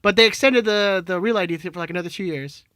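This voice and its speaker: A man's voice: high voice, fast, fairly bright tone, clear, resonant tone. A man co-hosting a podcast, joking around and recapping a soccer match from a lineup. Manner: joking, laughs easily, reads off a lineup. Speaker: podcast co-host. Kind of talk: casual chat and soccer recap.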